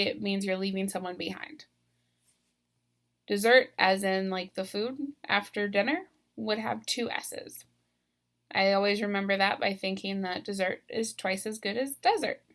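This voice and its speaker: Slow-talking woman teacher, gravelly voice. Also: mid-range voice, a bit bright. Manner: slow, deliberate, stresses syllables. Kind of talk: spelling lesson video.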